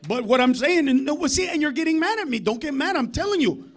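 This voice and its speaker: A man doing a stand-up comedy set on a club stage, loud and profane, swinging between shouting and muttered asides. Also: very high voice, animated, fast talker. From United States.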